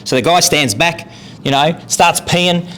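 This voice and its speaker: An Australian man, a guest comedian, telling a joke in a relaxed, rambling way. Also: fairly high pitch, unhurried.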